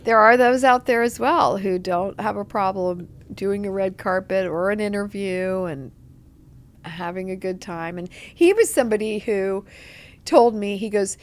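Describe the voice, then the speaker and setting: A woman's voice: mid-range voice, normal speed. A woman, an actress guest on a podcast interview, chatting casually and acting out the lines of people in her stories. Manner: animated storyteller, acts out quotes.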